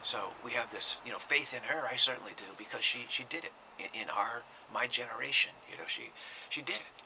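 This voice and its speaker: Man, spiritual teacher, gravelly voice, sharp tone, informal talk, frequent whispers, halting repetitions. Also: mid-range voice, slight background noise, low-quality recording. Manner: often drops to a breathy whisper, halting repeated words.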